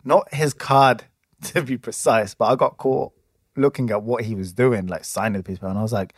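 A man's voice: medium pitch, steady tone, moderate pace, slightly rough, dry recording, clean studio sound. A man in his twenties, chatting casually as a podcast co-host and telling a long story full of restarts and fillers. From England. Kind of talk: casual chat.

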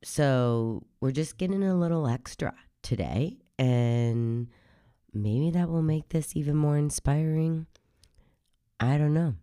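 A woman hosting a podcast, talking casually in a rambling, chatty way while hoarse from a cold. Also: deep voice, slow, warm tone, no room sound, studio quality. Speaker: podcast host. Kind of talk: casual podcast intro monologue.

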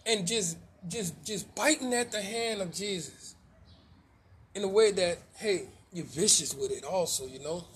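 A man's voice: high-pitched, a little hiss or hum. A man preaching informally, firing rhetorical questions, restarting phrases and dropping slangy asides.

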